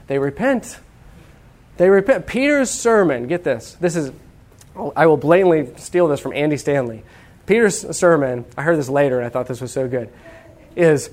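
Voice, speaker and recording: A man preaching a sermon to a live audience, lively and humorous, checking in with the listeners and acting out what people say. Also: on the high side, normal speed. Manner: talks to the audience with many "okay?" checks. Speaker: pastor teaching on evangelism.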